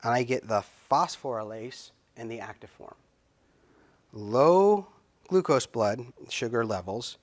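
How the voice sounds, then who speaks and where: A middle-aged man talks through a recorded lecture at a medium pitch. He pauses often with fillers and restarts, and slows down to lean on key terms. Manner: halting, stretches key words, many fillers. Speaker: biochemistry lecturer.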